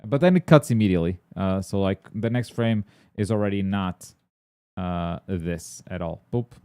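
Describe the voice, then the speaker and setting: A man hosting a gaming and anime news stream in casual chat. He rambles excitably, with plenty of filler words and blunt swearing. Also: low voice, moderate pace, clean tone, dry recording.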